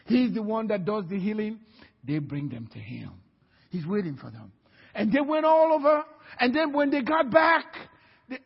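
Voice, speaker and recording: A man preaching a sermon as pastor, telling the story in a lively way and acting out scenes in different voices. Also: sits high, normal speed, vocal fry, slightly rough. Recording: reverberant hall, dull sound.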